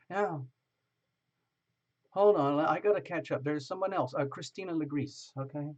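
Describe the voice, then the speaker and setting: A man's voice: a little high, moderate pace, a little mellow. A man hosting a live tarot stream, chatting casually, greeting viewers by name and laughing often.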